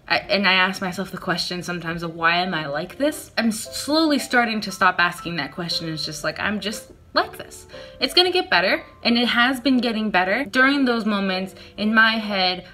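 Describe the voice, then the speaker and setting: A young woman vlogger tells a personal story in a chatty, self-deprecating way, acting out her own nervous replies. Her mid-range voice sounds pushed and bright in this casual storytelling vlog.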